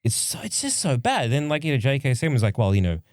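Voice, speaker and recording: A man on a podcast, animatedly recapping a film, acting out characters in quick voices and swearing casually. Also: mid-range voice, sing-song, a little mellow, no room sound, studio quality. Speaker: podcast co-host.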